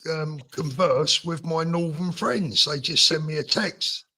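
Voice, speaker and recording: A man's voice: a little high, a little slow, pushed and bright, breathy edge. A man co-hosting a casual livestream chat, trading easygoing, jokey banter. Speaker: livestream co-host.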